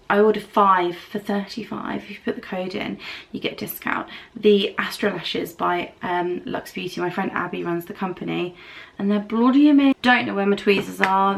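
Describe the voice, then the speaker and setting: This British beauty vlogger speaks in a gravelly, medium-pitched voice, with a little hiss or hum in the background. She does her makeup at home and rambles chattily through a long, candid story while recovering from dental treatment.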